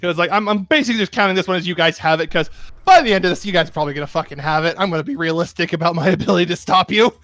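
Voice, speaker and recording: High-pitched male game master, casual tabletop narration, laughs a lot, dry close sound. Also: racing, a bit bright, no room sound, soft background music. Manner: casual, laughs often, chatty asides.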